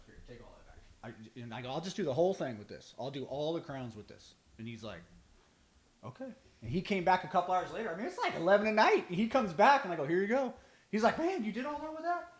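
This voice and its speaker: Guy telling a story on a podcast, acts out every voice, bouncy up and down pitch, roomy echo. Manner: animated storyteller acting out both sides of conversations. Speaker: band drummer, podcast regular. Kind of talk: casual chat, storytelling.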